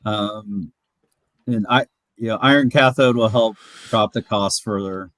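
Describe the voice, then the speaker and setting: Low-voiced man in casual panel chat. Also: unhurried, a bit bright, no room sound, rough recording. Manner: thoughtful, hedging with fillers.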